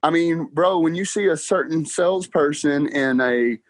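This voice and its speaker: A man's voice: fairly high pitch, normal speed, no echo. A young man, telling stories in a casual interview, acting out dialogue and laughing often. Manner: animated storyteller, acts out dialogue, laughs often. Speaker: podcast guest, car salesman.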